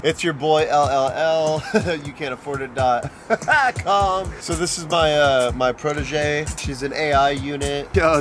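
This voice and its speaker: Goofy man joking over loud music. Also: on the high side. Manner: goofy, laughing, teasing. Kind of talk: joking around on camera.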